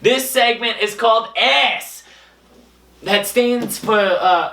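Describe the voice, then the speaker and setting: A young man hosting a comedy show, delivering a deadpan monologue full of absurd boasts, his voice jumping between high and low. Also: slow pace, gravelly. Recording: echoey room, a bit far from the mic.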